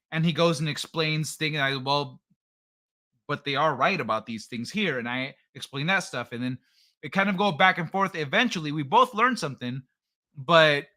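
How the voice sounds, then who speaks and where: A man with a bright, forceful voice that sits a little high, talking loosely to his chat on a livestream. He rambles, restarts his sentences and swears as he reacts to messages. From California. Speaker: livestream host reading chat.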